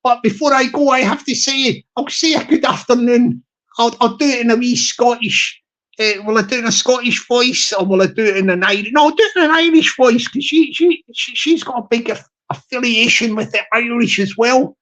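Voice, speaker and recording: A man's voice: very high voice, brisk, a bit bright. Rambling man with a Southwest English accent. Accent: Southwest England. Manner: chatty, rambling, repeats phrases, laughs often. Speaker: livestream host. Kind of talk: casual live-chat shout-outs.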